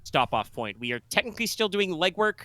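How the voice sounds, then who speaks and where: A man's voice: high voice, big pitch swings, a little fast, sharp tone. A man acting as game master, explaining the rules in a loose, jokey way. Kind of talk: running a tabletop game, casual.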